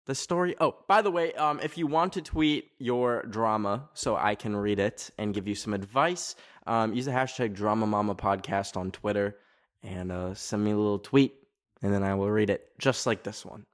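A man hosting a podcast from his garage, chatting casually and reading listener stories in an expressive voice with sudden jumps up in pitch. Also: moderate pace. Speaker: podcast host. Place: hot garage.

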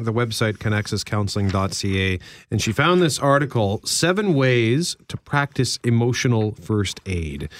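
A man's voice: mid-range voice, dry recording. A man hosting a radio talk show, easygoing and joking. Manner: easygoing, joking, laughs often. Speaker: radio host.

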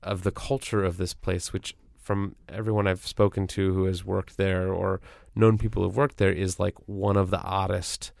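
A man's voice: low voice, level tone, moderate pace, gravelly, darkish tone, no room sound, studio quality. A man being interviewed as a journalist and author, speaking casually with many fillers and restarts.

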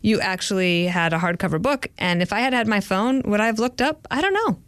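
A middle-aged woman hosts a relaxed podcast chat, teasing and full of questions. Her voice sits at an ordinary middle pitch. The sound is close and dry, with no room around it. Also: brisk, smooth, dry recording. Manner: chatty, teasing, asks questions. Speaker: podcast host. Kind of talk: casual chat.

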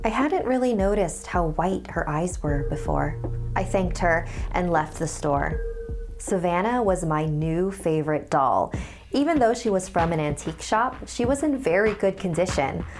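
A woman hosts a horror podcast and reads a scary story in a hushed, measured voice. Her tone sits slightly low. Music plays under her narration the whole time. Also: expressive.

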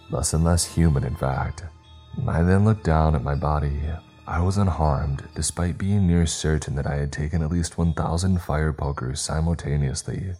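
A man's voice: rumbling low, warm tone. A man reading a scripted first-person horror story with dramatic, tense storytelling. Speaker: narrator.

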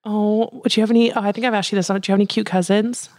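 A woman's voice: medium pitch, steady tone, rapid-fire, a little mellow, no echo, studio quality. A young woman co-hosting a podcast, chatting casually and animatedly with lots of fillers. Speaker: podcast co-host. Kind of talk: casual chat.

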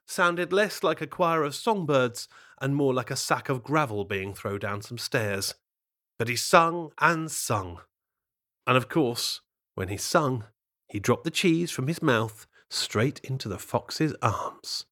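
A man narrating a children's fable in a playful, expressive way, with chatty asides to the listener. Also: mid-range voice, a little slow. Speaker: storyteller.

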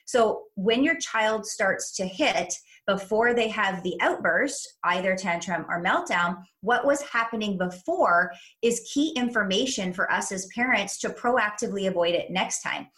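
A woman parenting coach, a younger adult, giving advice in a chat and explaining things clearly step by step. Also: mid-range voice, expressive, a little slow, hardly any pauses, fairly bright tone.

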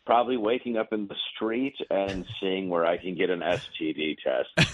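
A man's voice: low voice, fairly even intonation, normal speed, slight background noise. A man who is a comedian, joking with a radio host and laughing through his lines. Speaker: comedian guest. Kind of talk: radio interview banter. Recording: dull remote line.

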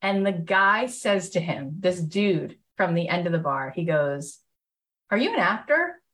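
Her voice lowish and fairly bright, a motivational host and coach runs a live workshop, speaking a little slowly. She gushes through her stories with enthusiasm, chatty and heavy on fillers such as "like."

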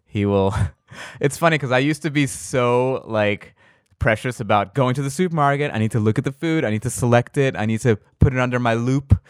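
A man hosting a podcast, telling stories in casual chat and acting out quotes in high voices. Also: fairly quick, clean tone, dry recording, studio quality. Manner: animated storyteller, acts out quotes in high voices. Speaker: podcast host.

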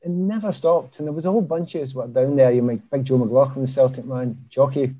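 A middle-aged man with a Glaswegian accent and a husky, mellow voice. He chats casually on a podcast, spinning lively stories about his career and laughing at his own jokes. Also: mid-range voice, fast. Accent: Glaswegian Scottish. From Scotland. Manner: lively anecdotal storyteller who laughs at himself. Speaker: guest, former footballer.

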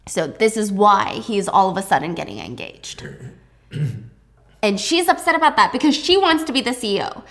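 A young woman casually recapping a drama, chatty and animated. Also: mid-range voice, normal speed, vocal fry.

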